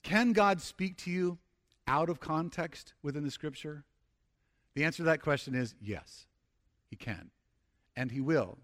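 Pastor preaching, slightly higher man's voice. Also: expressive, fairly bright tone. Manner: conversational preaching, frequent restarts, slows for emphasis. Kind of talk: sermon.

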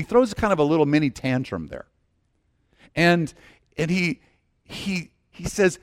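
Animated man preaching a sermon. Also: fairly high pitch, normal speed. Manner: animated storytelling with frequent restarts. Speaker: pastor.

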